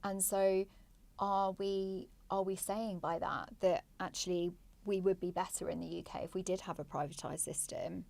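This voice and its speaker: A woman's voice: fairly low pitch, flat delivery, moderate pace, vocal fry, a little mellow. A woman co-hosting a podcast, chatty, telling stories and asking probing questions. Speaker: podcast co-host. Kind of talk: casual conversational interview.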